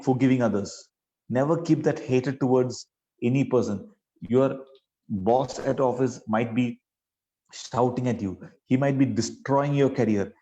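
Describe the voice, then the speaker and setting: A man's voice: mid-range voice, mellow, muffled recording. A man preaching a sermon, speaking earnestly and pleadingly to his listeners and often adding "you know" mid-sentence.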